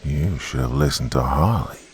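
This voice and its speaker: A man's voice: a bass voice, normal speed, slightly rough, exaggerated voice. A man putting on a hissing shadow demon. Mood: menacing. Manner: whispered, hissing, mocking. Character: shadowy childlike demon, many voices, mocking.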